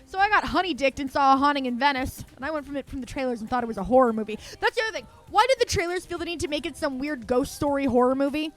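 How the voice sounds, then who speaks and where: High-voiced woman on a profane rant. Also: fairly bright tone. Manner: profane, heated ranting. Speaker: streamer. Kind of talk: live-stream movie rant.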